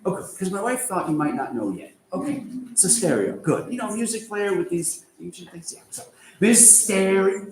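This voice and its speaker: A man teaching a class, animated and sarcastic, firing rhetorical questions at his students. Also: high-pitched, moderate pace, reverberant, low-quality recording. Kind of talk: lively lecture to students.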